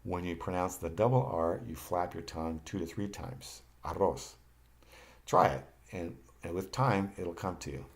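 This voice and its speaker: A male language teacher with a very low, fry-tinged voice narrates a slide-based lesson at a moderate pace with few pauses. He is patient, repeating phrases so learners can copy them, and now and then restarts or corrects himself.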